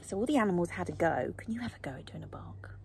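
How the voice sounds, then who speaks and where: A woman's voice: lowish voice, fast talker. A woman reading a picture book aloud to young children, asking them questions and often whispering. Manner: animated, asks young listeners questions, drops to whispers. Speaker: children's storyteller.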